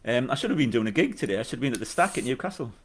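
A man's voice: medium pitch, sing-song, very fast, breathy edge. A middle-aged man, chatting casually and wryly between songs as a musician hosting his own live stream. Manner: rambling, wry and self-mocking. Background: acoustic guitar.

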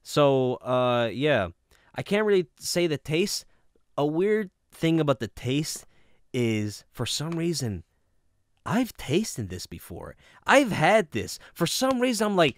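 A man's voice: fairly high pitch, sing-song, slow pace, no echo, clean studio sound. A man casually reviewing a product, rambling with many fillers and restarts.

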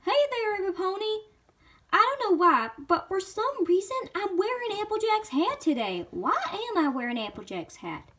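A cheerful young farm filly pony from a cartoon, played by a woman. She chats in a very high, lively voice. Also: normal speed, exaggerated voice. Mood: chatty.

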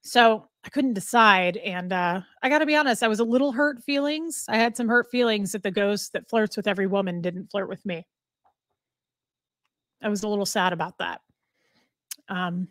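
A woman's voice: medium pitch, normal speed, long pauses, fairly bright tone, dry recording. Woman host, casual stream chat, chatty storyteller, dry close sound. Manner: chatty, storytelling, cooing to her dog. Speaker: livestream host. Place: home.

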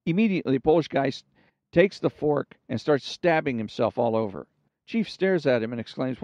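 A man hosting a storytelling show, telling jokes and anecdotes in a relaxed, conversational way. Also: mid-range voice, brisk, no echo. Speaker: storyteller host. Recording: dull, dry recording.

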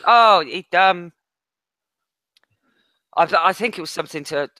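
A man's voice: sits high, a little slow, sharp tone, dry recording. A man co-hosting a late-night football podcast, blunt and sweary, often restarting his sentences. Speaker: podcast co-host. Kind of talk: casual late-night chat.

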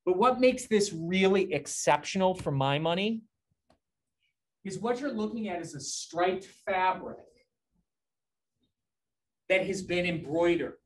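Speaking slowly with frequent pauses, a man with a high, lively voice lectures on fashion history over slides in a live class. He eagerly prompts listeners with "notice" and "right?", and responds to students' questions in a chatty way.

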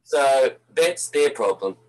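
Older kiwi guy, accent a bit worn down from canada, mid pitch, lots of ums, laid back band guest. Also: animated, slow, a little mellow, poor audio. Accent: New Zealand, softened by years in Canada. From Napier, New Zealand. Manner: hesitant, many ums and uhs, easygoing. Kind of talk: casual interview.

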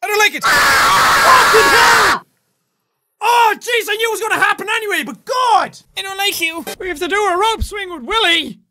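A man giving loud, excitable let's-play commentary, shouting, swearing and joking as he plays. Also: very high voice, fast talker, hardly any pauses. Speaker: gaming video host. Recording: noisy recording.

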